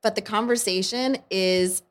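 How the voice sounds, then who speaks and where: A woman's voice: medium pitch, unhurried, heavy background noise. A woman co-hosting a podcast, chatting enthusiastically and laughing along. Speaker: podcast co-host. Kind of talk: casual chat.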